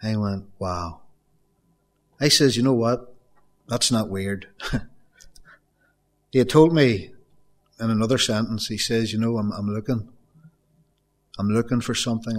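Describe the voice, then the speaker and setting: A middle-aged man preaching a sermon, telling a story and repeating phrases for emphasis. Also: lowish voice. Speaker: pastor.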